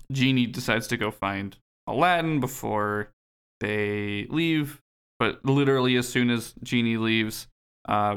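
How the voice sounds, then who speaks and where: A man's voice: fairly low pitch, a bit bright, clean tone. A young man co-hosting a podcast, recapping a game in a dry, laid-back way with casual swearing. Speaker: podcast co-host.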